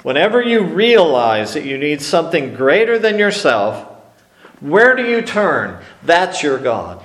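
A man preaching a sermon slowly and emphatically, with dramatic pauses on key words. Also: on the high side, sing-song, a bit bright, echoey room. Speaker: pastor.

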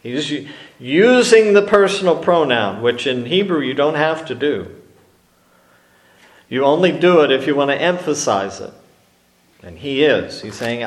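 A man preaching a sermon slowly and emphatically, with dramatic pauses on key words. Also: fairly high pitch, lively intonation, roomy sound. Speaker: pastor.

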